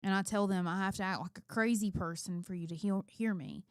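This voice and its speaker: A woman's voice: medium pitch, brisk, smooth, no room sound, studio quality. A middle-aged woman co-hosting a casual chat. She speaks emphatically and candidly, reflecting on her own habits. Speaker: co-host, mother of two.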